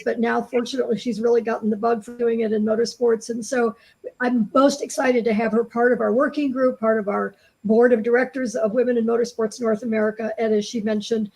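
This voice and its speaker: A woman's voice: fairly high pitch, a little mellow, husky, rough recording. A woman on a panel, talking enthusiastically about her colleagues with restarts and asides. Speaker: panel speaker. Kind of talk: panel talk.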